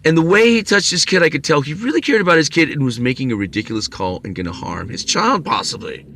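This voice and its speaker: A man's voice: a little high, animated, fast, noisy background. A middle-aged man telling a personal story as a bitter, intense monologue, swearing often and stumbling over restarts. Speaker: vlogger.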